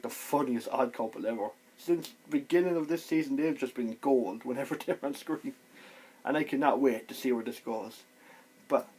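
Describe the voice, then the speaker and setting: A man giving a casual, excitable video review, retelling scenes with lively exclamations. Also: mid-range voice, husky. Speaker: TV show reviewer.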